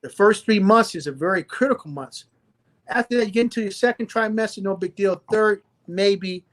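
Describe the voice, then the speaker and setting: A man's voice: sits high, moderate pace, a bit bright. Emphatic Southern man lecturing. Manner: emphatic, lecturing, repeats points for stress. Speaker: doctor guest. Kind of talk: live-stream interview.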